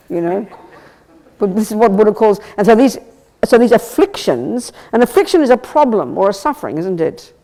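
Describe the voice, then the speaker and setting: A woman teaching Buddhism to a live audience, her voice sitting mid-range for a woman. She is emphatic and animated, tosses out rhetorical questions and wry, blunt asides, and often stumbles over words and restarts. The talk comes from a Buddhist centre. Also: medium pitch.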